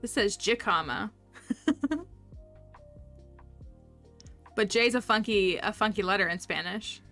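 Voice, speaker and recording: A woman's voice: medium pitch, slow pace, fairly bright tone, faint music behind. A woman livestreaming a game, chatting upbeat with her viewers and laughing often. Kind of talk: casual livestream chat with viewers.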